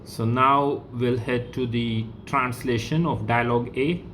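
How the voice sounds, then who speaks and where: A man with an Indian English accent teaching a French lesson, explaining slowly and repeating words often. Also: mid-range voice, steady tone, fairly bright tone, a little hiss or hum. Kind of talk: classroom lesson.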